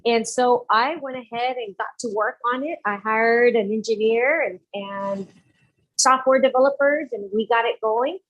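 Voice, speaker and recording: A fairly high-voiced woman recounts her story as an interview guest, acting out the words of the people in it. The audio is dull and somewhat lo-fi. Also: normal speed. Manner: animated, acts out quoted dialogue. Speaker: guest entrepreneur.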